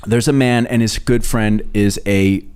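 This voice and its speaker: A man hosting a podcast, telling a long joke in a relaxed way with many fillers. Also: lowish voice, a little slow, smooth. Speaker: podcast host.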